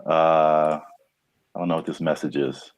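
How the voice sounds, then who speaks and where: A deep, low-pitched man from California chatting on a podcast in a laid-back way. He laughs easily and lets his sentences trail off. The sound is dry and close. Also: flat delivery, unhurried, dry recording. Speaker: podcast co-host. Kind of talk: casual podcast chat.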